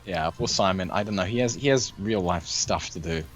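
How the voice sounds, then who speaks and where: A man's voice: deep voice, brisk. A man co-hosting a gaming live stream over a voice call, playful and teasing, laughing easily. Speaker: co-host. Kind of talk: casual live-stream chat.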